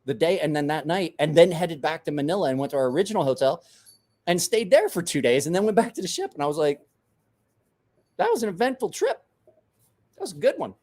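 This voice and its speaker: Animated man telling a rowdy story. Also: fairly high pitch, fairly quick, pauses often. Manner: animated, swearing, laughing, acts out quoted voices. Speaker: podcast host. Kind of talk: casual storytelling.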